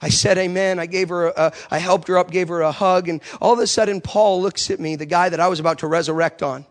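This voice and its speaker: High-voiced man preaching a story sermon. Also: steady tone, fast talker. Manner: emphatic, repetitive phrasing.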